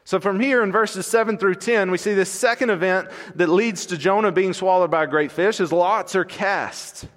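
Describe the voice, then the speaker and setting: A man's voice: high-pitched, moderate pace, hardly any pauses, fairly bright tone. A male pastor preaching an expository sermon in a conversational, storytelling way with acted asides, recorded in a church sanctuary. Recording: long reverb in a large hall.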